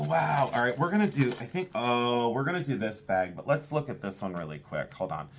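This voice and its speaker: A man's voice: fairly low pitch, a little hiss or hum. A man who sells vintage jewelry, giving casual, enthusiastic commentary as he sorts items and thinks aloud.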